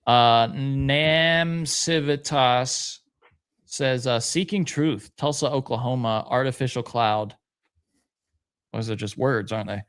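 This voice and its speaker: A man's voice: mid-range voice, slow pace, a bit bright, clean tone. A man co-hosting a podcast, reading viewer comments aloud with lots of hesitant fillers. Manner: hesitant, many uhs, laid-back. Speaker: podcast co-host.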